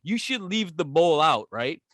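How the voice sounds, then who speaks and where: High-voiced, foul-mouthed New York man. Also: unhurried, no echo, studio quality. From Brooklyn, New York. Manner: animated, swears constantly, laughs often. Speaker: podcast co-host. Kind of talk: casual profane comedic chat.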